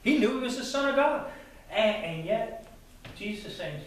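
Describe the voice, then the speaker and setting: This pastor's voice is extremely high and animated, moving at a normal speed as he preaches earnestly and repeats words for stress. A distant mic captures the very echoey church hall, along with a little hiss or hum.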